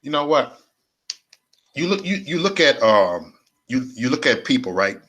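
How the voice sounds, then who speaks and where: A man's voice: medium pitch, sing-song, a little slow, a bit bright. A man hosting a casual livestream rant, rambling and repeating himself in slangy, profane street talk. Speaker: livestream host.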